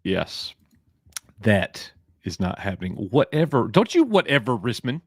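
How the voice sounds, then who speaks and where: A man's voice: lowish voice, no echo, clean studio sound. A man from Alabama with a Southern accent, hosting a casual live stream, joking and bantering as he reads names from chat.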